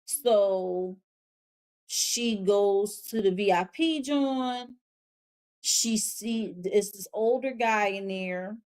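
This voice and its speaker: A woman's voice: medium pitch, extremely slow, a little mellow. A woman hosting a casual review of a TV show, recapping scenes in a chatty, slangy way with frank, exasperated asides. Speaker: host.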